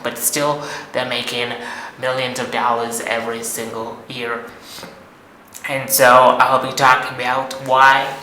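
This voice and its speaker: A man's voice: medium pitch, bright, forceful tone. Emphatic man lecturing in an echoey room. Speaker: online money coach. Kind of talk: monologue to camera. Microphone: camera mic. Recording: echoey room, faint noise.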